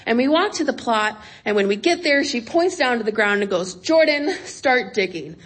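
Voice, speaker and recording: A young woman telling a wry, animated story on stage before an audience, jumping to high pitch for emphasis. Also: brisk. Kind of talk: live comic storytelling.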